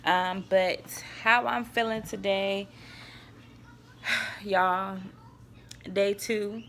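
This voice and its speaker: A woman's voice: mid-range voice, fairly even intonation, extremely slow, fairly bright tone, slight background noise. A young woman chatting to viewers in a casual home cooking vlog, sighing now and then and fighting back tears, recorded on a camera on a tripod in her kitchen. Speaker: vlogger.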